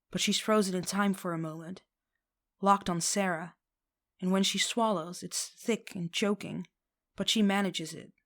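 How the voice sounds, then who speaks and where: A woman reads a fan fiction story aloud with a lowish voice. She reads expressively, slipping into voices for the characters. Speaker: reader.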